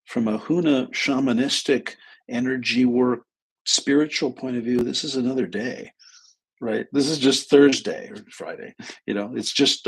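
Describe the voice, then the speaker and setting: A man's voice: medium pitch, normal speed. A man telling a story on a casual live stream, acting out both sides of a conversation and swearing bluntly. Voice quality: gravelly, husky voice. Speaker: therapist and energy healer.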